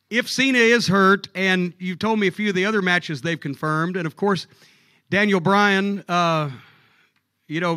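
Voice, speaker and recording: High, bright-voiced profane storyteller man. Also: no echo. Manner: animated, profane, jokey. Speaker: guest storyteller on a live stage show. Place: comedy club stage.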